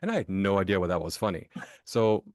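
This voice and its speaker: A man's voice: sits low, big pitch swings, quick pace, dry recording, clean studio sound. A man from Germany, a podcast guest and author, telling stories in a casual interview, often restarting phrases and checking in with "right?".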